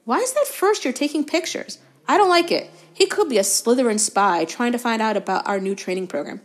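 Brief: woman reader doing a hot-tempered teenage captain, high and loud, bellowing orders. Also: animated, brisk. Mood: outraged. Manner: forceful, bellowing, indignant. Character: intense teenage boy team captain, driven and quick to anger.

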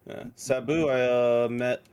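A man's voice: mid-range voice, steady tone, unhurried, a little mellow, clean tone, soft background music. A man co-hosting a podcast in casual chat, laid-back with dry comebacks. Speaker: podcast co-host.

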